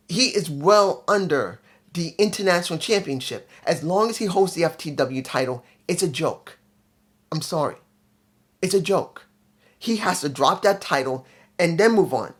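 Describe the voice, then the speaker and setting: A man's voice: high-pitched, lively intonation, unhurried. A man hosting his own channel, giving a casual spoken review in a blunt, emphatic way with dry sarcasm, often repeating his points. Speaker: show reviewer, channel host.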